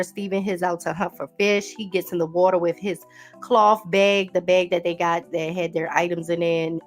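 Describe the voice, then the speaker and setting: Chatty lower-voiced woman podcast host. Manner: chatty, talks straight to listeners with "y'all" and "honey". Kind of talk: casual recap chat. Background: faint background music.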